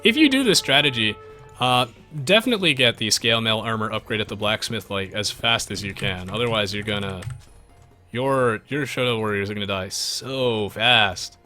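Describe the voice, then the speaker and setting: A man with a lowish voice streams a strategy game, providing live commentary and reading viewers' messages at a moderate pace. He is animated and chatty, bouncing between gameplay and his audience, with faint music in the background.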